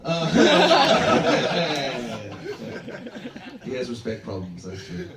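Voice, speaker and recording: Australian male comic, lively sing-song delivery, off-mic in a roomy club, noisy room, loose rambling roast patter. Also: mid-range voice, moderate pace. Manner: rambling, loose, full of fillers like man and dude. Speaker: stand-up comedian. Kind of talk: live roast set. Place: comedy club stage. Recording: echoey club room, distant mic, background noise. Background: audience laughter.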